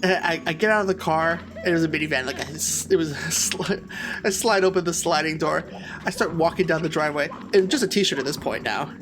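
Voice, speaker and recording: A man casually telling a story while playing a game, animated and loud when quoting people. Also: a little high, brisk. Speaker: co-host of a gaming channel. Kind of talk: casual storytelling during gameplay. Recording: game music behind the voice. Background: video game music.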